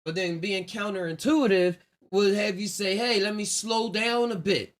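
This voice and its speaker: A man's voice: high-pitched, moderate pace. A man hosting his own podcast live, talking casually in a loose, rambling, reflective way with frequent laughs. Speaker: podcast host. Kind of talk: casual solo livestream podcast talk.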